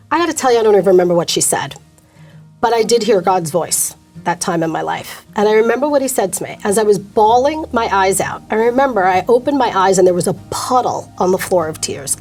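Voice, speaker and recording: A woman's voice: mid-range voice, darkish tone. Woman telling her faith testimony candidly. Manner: candid, emotional storytelling with quick asides. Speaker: guest. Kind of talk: personal testimony interview.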